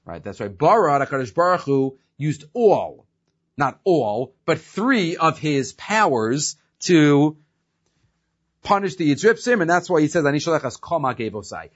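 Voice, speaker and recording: A man's voice: a little high, normal speed. A man teaching an evening Torah class, telling stories, acting out the quotes and mixing Hebrew phrases into his English. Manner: animated storyteller who acts out the quotes; mixes Hebrew phrases into English and restates them. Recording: dull lo-fi recording.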